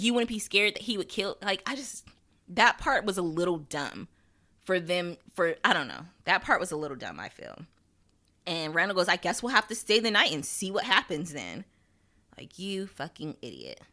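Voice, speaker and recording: A woman hosting a TV recap podcast, talking in a casual, animated and blunt way, swearing and laughing often. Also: lowish voice. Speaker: podcast host recapping a TV episode.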